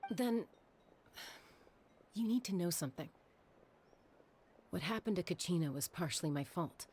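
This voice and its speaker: An actress voicing a calm, stubborn young woman who answers in a dry, matter-of-fact way in a video game cutscene. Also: fairly low pitch, measured pace, slightly rough.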